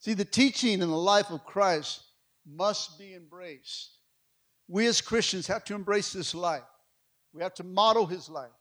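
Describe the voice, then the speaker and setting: A middle-aged man preaching a sermon, with energetic delivery that swings from loud calls to hushed asides. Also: sits high. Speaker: pastor.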